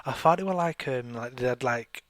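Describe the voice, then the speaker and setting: Brief: male talk-show host, halting and filler-heavy, blunt, dry close-miked voice. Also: mid-range voice, no room sound. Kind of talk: casual online chat.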